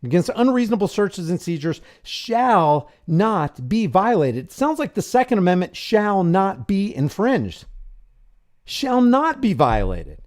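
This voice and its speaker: A man's voice: high-pitched, very animated, unhurried, darkish tone. A man hosting a live commentary stream, talking in an impassioned, preachy way. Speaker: host.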